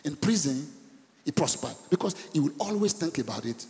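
A middle-aged man, preaching a sermon in animated bursts and asking the congregation questions. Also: brisk. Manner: animated preaching with sudden high bursts and call-and-response questions. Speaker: pastor. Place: church hall. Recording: church hall with long reverb.

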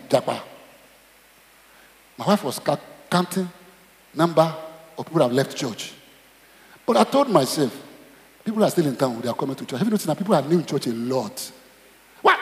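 A middle-aged Nigerian man preaching a sermon as pastor, swinging between high exclamations and low asides and dropping in Yoruba phrases. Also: a little mellow. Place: church. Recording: echoey church hall.

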